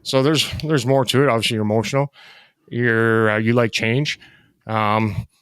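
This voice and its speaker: A man hosting a casual podcast interview, halting and filler-heavy, who cuts in on his guest. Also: medium pitch, steady tone, a bit bright, smooth, dry recording. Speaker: podcast host.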